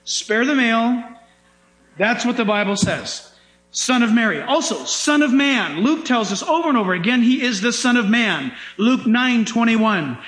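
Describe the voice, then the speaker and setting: High-voiced, animated male pastor preaching. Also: normal speed. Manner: animated, emphatic preaching with dramatic asides. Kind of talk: sermon. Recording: echoey room.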